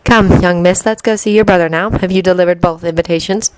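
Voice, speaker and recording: A woman doing a calm, formal maid. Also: fairly low pitch, brisk, smooth, no echo, close to an everyday voice, low-quality recording. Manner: composed, formal. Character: calm, formal middle-aged female maid.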